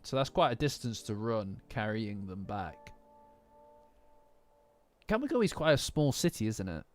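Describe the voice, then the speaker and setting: A man with a lowish, sing-song voice and an unhurried pace talks in a Nottingham accent; he's from Nottingham. Reacting live to a manga chapter, he reads to his chat casually, drifts off topic easily and pokes fun at himself while faint lofi music plays.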